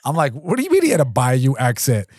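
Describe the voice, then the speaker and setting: A man's voice: mid-range voice, fast, slightly rough, dry recording, clean studio sound. A man in his thirties, co-hosting a casual chat show, who tells stories with lots of fillers and jokes. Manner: relaxed storyteller with frequent fillers and jokes. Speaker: podcast co-host.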